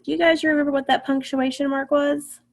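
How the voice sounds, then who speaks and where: A woman gives an online phonics lesson over a computer mic. Her voice sits a little high, with a gravelly edge of fry. She talks patiently, asks the class questions and answers them herself. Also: flat delivery, brisk. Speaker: teacher.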